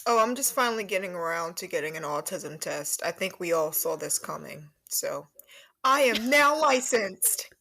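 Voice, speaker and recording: A woman co-hosting a podcast, telling stories casually with a wry, deadpan manner. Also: fairly low pitch, moderate pace, vocal fry, low-quality recording. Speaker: podcast co-host. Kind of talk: casual chat.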